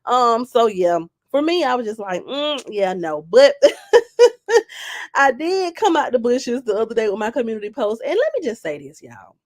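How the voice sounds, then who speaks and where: A woman's voice: fairly high pitch, brisk, hardly any pauses. Chatty woman live-streaming with a cold. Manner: animated, chatty, repeats phrases, greets viewers by name. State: has a cold. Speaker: YouTuber live-streaming to her audience. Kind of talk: casual live-stream chat.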